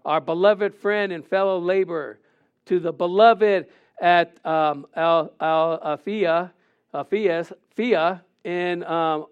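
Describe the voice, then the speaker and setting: A man's voice: fairly high pitch, smooth, highs cut off. A man preaching a sermon, reading scripture aloud and telling a story with asides to the congregation. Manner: reads scripture then tells a joke with audience asides and laughter. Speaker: pastor.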